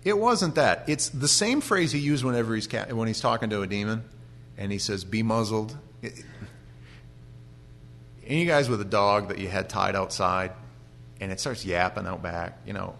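A male pastor giving an animated sermon with humorous stories and frequent restarts. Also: fairly low pitch, normal speed, gravelly, a little hiss or hum.

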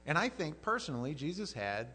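A middle-aged male pastor gives a sermon in a storytelling way. His pitch swings widely as he acts out the voices in the story. A faint electrical hum sits under the recording. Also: brisk. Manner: animated storytelling, acting out voices. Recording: mains hum.

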